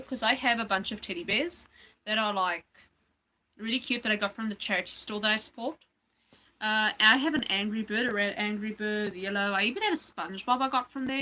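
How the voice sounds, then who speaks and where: Bright-voiced woman rambling on a livestream. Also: mid-range voice. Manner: rambling, filler-heavy, thinking aloud. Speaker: livestream host. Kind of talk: casual livestream chat.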